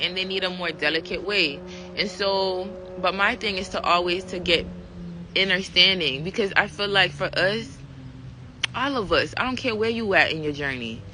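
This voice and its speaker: Woman musing aloud over background noise. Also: medium pitch. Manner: conversational, full of fillers and "right?" check-ins. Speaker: vlogger. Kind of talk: casual reflective monologue.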